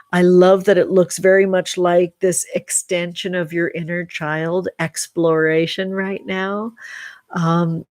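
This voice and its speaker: A woman hosting a casual tarot reading livestream from home, effusive and drawn-out, calling her viewers sweet names. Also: medium pitch, a little mellow, dry recording. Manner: effusive, slow and drawn-out, affectionate terms for viewers. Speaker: tarot reader and channel host.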